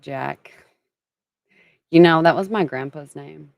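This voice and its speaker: A woman's voice: sits low, slow, creaky, no echo, dull audio. A woman from Kentucky hosting a casual livestream, chatting and greeting viewers by name as she talks. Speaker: livestream host.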